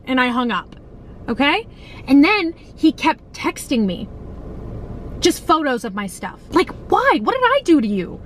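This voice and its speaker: A woman's voice: fairly high pitch, big pitch swings, moderate pace, fairly bright tone, slight background noise, poor audio. Chatty young woman telling a story in her car. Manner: chatty, swears freely, acts out quotes. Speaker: vlogger. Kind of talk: casual storytime chat. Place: parked car.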